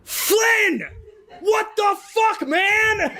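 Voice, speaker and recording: A man yelling as a panicked axe mercenary. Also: very high-pitched, very slow, crowd noise, voice pushed up, full character voice.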